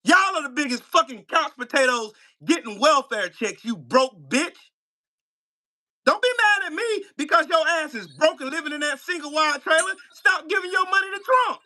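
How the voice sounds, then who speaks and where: A man's voice: extremely high pitch, expressive, normal speed, pushed and bright. A man hosting a live stream, taunting and trash-talking in a profane rant from his home setup.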